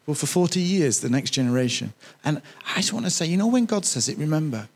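A man's voice: a little high, very animated, fast talker. A man preaching a sermon in a conversational way, repeating key phrases for emphasis. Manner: jokes with the congregation.

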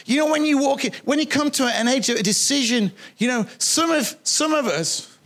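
A man's voice: very high-pitched, lively intonation, normal speed, a bit bright. A man preaching a sermon in a conversational way, repeating key phrases for emphasis. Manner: jokes with the congregation.

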